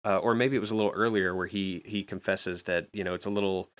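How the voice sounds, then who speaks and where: Podcast co-host, male, low voice, relaxed recap style. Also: quick pace. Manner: relaxed, thoughtful recapping with fillers. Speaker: podcast co-host discussing a manga. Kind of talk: casual chat.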